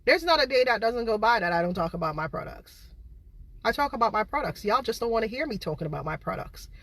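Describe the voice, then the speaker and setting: A woman's voice: fairly high pitch, big pitch swings, fast talker, fairly bright tone, dry recording. A Jamaican woman baker ranting indignantly to her viewers, repeating herself and firing rhetorical questions. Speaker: baker running her own cake business. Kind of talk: ranting livestream monologue.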